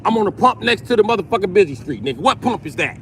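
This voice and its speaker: A man's voice: sits high, very animated, fast, a bit bright, a little hiss or hum. Crude ranting man in a car. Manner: blunt, crude, emphatic. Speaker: vlogger. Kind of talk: profane ranting monologue.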